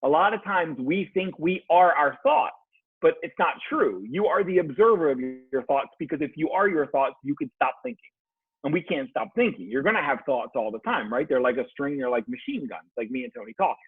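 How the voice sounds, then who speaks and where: Animated man on a tinny phone-like line. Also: a little high, a little fast, husky, dry recording. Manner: animated storyteller, swears freely. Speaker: leadership coach guest. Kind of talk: casual podcast conversation.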